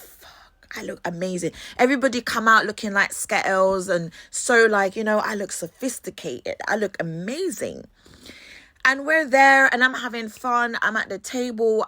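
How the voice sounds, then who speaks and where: A young woman from Jamaica with a Jamaican London accent tells embarrassing stories in an animated, profane way. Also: medium pitch, no echo. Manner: animated, swears freely. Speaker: host. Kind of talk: storytelling monologue.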